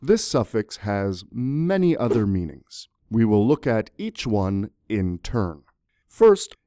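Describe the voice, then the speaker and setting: Playful, animated male English teacher. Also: fairly low pitch, dry recording, clean studio sound. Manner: jokey, animated, talks to viewers. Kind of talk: playful scripted grammar lesson.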